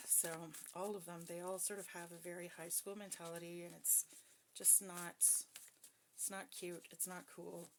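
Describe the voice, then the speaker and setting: A psychic reader talks casually and bluntly to her viewers about personal matters, swearing plenty and leaning hard on emphasis. Her voice is on the low side with little pitch movement, her pace unhurried, and there's noise in the background.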